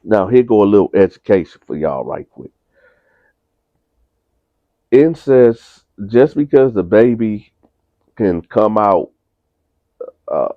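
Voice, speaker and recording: A man's voice: deep voice, dry recording. A man telling a story in a casual, colloquial way, often stammering and repeating words, over a tinny phone-like recording. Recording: tinny phone-like dry sound.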